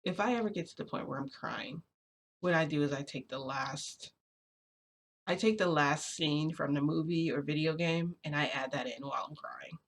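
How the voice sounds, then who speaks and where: Creaky-voiced vlogger rambling and venting. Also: mid-range voice, normal speed, fairly bright tone. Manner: rambling and confessional, many fillers and restarts. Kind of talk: casual vlog chat, venting.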